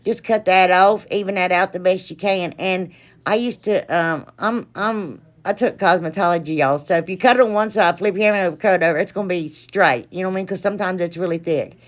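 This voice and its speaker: Woman, lowish voice, chatty, rambling, talking to viewers, craft vlogger. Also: a little fast. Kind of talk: casual tutorial and unboxing chat.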